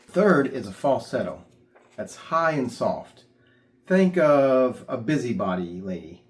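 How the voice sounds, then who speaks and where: A man's voice: mid-range voice, sing-song, measured pace. A man teaching church puppeteers in a casual, plainspoken instructional talk. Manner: plainspoken, demonstrates voices.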